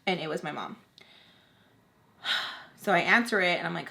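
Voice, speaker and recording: A woman's voice: lowish voice, a little slow, creaky, pauses often. A young woman telling a personal storytime to camera in a chatty way, with lots of "like" fillers. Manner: chatty, heavy use of "like", animated retelling. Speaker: storytime vlogger. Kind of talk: casual storytime.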